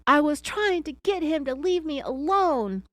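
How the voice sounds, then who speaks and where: A woman's voice: high-pitched, expressive, unhurried, fairly bright tone, no echo, pitched above the performer's own voice. A woman reading as a screaming, defensive accused wife. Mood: defensive, insistent. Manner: screaming denials, insistent.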